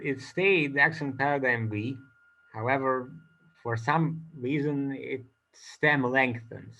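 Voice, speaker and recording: A man giving an academic conference talk, pausing often with fillers between phrases. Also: mid-range voice, a bit bright. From Croatia. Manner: slow, hesitant, many uh fillers between phrases. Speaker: conference speaker, linguist. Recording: dull lo-fi recording.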